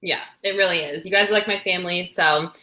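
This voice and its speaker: A bubbly young woman from Colorado co-hosts a sports chat show, laughing easily. Her voice is bright and sharp, and it rings in a roomy space. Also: lowish voice, steady tone, quick pace. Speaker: co-host. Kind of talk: casual chat. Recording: roomy echo.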